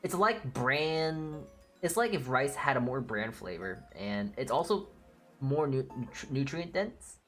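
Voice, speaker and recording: Woman streamer, unusually deep voice, blunt and opinionated, casual live-stream chat, faint music behind. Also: sing-song, measured pace.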